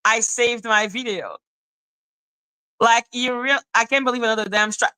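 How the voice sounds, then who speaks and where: A young woman ranting to her viewers on a livestream, her voice bright and clear and set a little high. She swears freely and stays heated, then lifts into high, singing greetings to the chat. The sound is close and dry. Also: steady tone, normal speed, pauses often, no room sound. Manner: heated, profane, breaks into high sing-song greetings. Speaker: livestream host. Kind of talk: livestream rant chatting with viewers.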